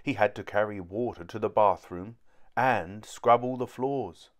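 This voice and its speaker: A man reads a children's storybook aloud in a clear, unhurried way. His voice sits on the low side. He takes each line very slowly, as if for early readers. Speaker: narrator. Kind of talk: reading a children's book aloud.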